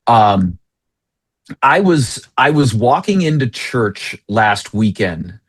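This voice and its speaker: A man who is a pastor, a guest on an interview, telling lively, joking stories about his church. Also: mid-range voice, takes it slowly, husky, no echo. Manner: jokey, animated storyteller. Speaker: associate pastor.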